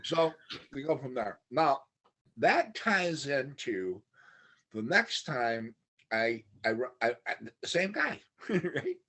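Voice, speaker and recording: A husky, slightly breathy middle-aged man chatting on a podcast. He rambles through stories, laughs as he goes and slips into the voices of the people he quotes. His pitch sits in an ordinary male middle range. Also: sing-song, slow pace, bright, forceful tone. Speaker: podcast guest. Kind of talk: casual storytelling chat.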